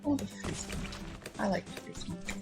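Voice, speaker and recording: A woman's voice: mid-range voice, animated, a little fast, creaky, low-quality recording. Chatty giggly young woman streamer. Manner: chatty, giggly, repeats words while thinking. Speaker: streamer playing a video game. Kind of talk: casual gaming stream chat. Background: faint game music.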